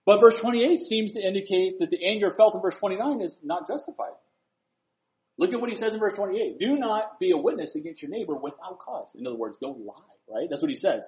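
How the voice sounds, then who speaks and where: Animated high-voiced male preacher. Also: a little fast. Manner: animated preaching, swings from loud to hushed. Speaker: pastor. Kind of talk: sermon. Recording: echoey room, dull lo-fi sound.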